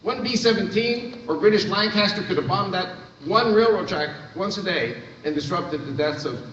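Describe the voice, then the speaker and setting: A man raised in America addresses a church crowd, pressing his points and repeating words as he restarts. His voice sits high. It is caught from across a reverberant hall, with a muffled tone and a faint hiss. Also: animated, moderate pace, fairly bright tone. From United States. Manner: emphatic storytelling, repeats words when restarting. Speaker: guest speaker. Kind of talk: church talk to an audience. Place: large hall with live audience. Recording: echoey far-off hall recording, dull sound, faint noise.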